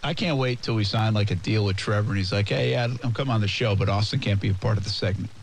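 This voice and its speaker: A man's voice: on the low side, slight background noise. A man hosting a sports radio show, teasing his co-hosts in casual banter. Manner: teasing, quick back-and-forth.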